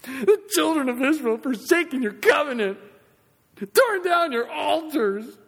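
A man voicing a whimpering, self-pitying prophet in a high, whiny, tearful voice. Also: expressive, a little slow, creaky, fairly bright tone, long reverb tail, exaggerated voice.

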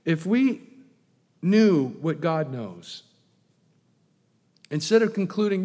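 A man preaching a sermon, asking rhetorical questions and swinging between loud emphatic lines and hushed ones. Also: on the high side, animated, a little slow, pauses often, long reverb tail. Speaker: pastor.

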